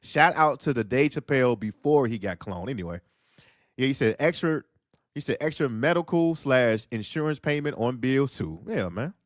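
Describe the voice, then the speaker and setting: Animated, laughing man riffing on a livestream. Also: medium pitch, moderate pace, no room sound, studio quality. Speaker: livestream host. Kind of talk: casual livestream commentary.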